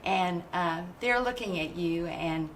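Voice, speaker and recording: An older woman talking very slowly through a numbered list of advice. She rambles, uses many fillers and loses count of her points, and some faint noise sits behind her. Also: lowish voice.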